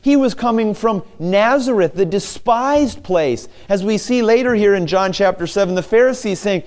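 A man's voice: sits high, expressive, normal speed, a little mellow. A man preaching a sermon, asking rhetorical questions and acting out quoted voices. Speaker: pastor.

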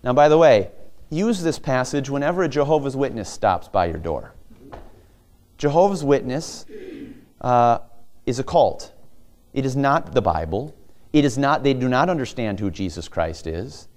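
A man preaching a sermon, earnest, dropping soft and low then rising to emphatic raised lines, and reading scripture with slow drawn-out stress. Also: animated.

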